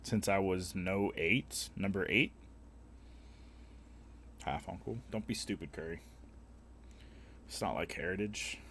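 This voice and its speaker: A man's voice: sits low, slow pace, pauses often, fairly bright tone, slight background noise. A young man streaming a game, chatting casually with viewers in a rambling, profane, opinionated way. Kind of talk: casual live-stream chat while gaming.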